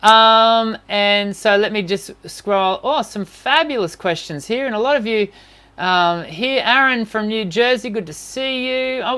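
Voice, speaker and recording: A woman's voice: mid-range voice, a bit bright, clear, resonant tone. A woman vocal coach giving an encouraging, conversational live-streamed singing lesson and answering questions, with frequent restarts.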